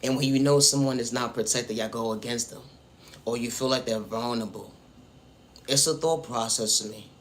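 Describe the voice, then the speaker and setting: There's a little hiss or hum as this spiritual vlogger speaks at an ordinary pace in a mid-range voice. Addressing the viewer directly, he gives a preachy talk on faith and self-worth, repeating the same refrains again and again.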